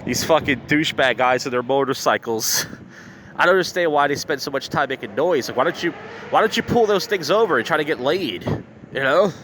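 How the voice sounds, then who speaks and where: A man's voice: a little high, animated, brisk, a bit bright. A tipsy, slightly slurring man hosting a podcast outdoors, telling stories in a blunt, profane, bitter way. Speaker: podcast host. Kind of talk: casual storytelling monologue. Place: outdoors on a street. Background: faint street and traffic noise.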